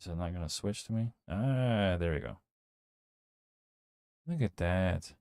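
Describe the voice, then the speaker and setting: Deep and a little mellow, this young man's voice comes through unhurried in a dry, studio-quality recording with no echo. He's streaming a horror game with a sore throat, chatting loosely to viewers and himself, full of fillers in casual live-stream style.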